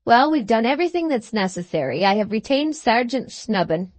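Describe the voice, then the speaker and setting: A woman voicing a bustling, fussy little male lawyer who talks in a brisk, knowing way. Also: a little high, sing-song, a little mellow, dry recording. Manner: brisk, knowing, repeats "my dear sir".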